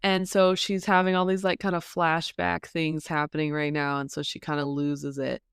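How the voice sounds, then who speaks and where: A woman co-hosting a podcast, chatting casually and hesitantly with lots of ums, retelling a story and popping into high voices for the characters. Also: little pitch movement, normal speed, vocal fry, clear, resonant tone, no room sound, clean studio sound. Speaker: podcast co-host. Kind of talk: casual book-discussion chat.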